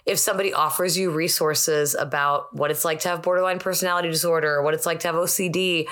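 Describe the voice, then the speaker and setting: A woman's voice: deep voice, fairly even intonation, quick pace, fairly bright tone. A woman in her thirties co-hosting a podcast, talking candidly in a rambling way with many restarts. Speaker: podcast co-host. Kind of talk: casual chat.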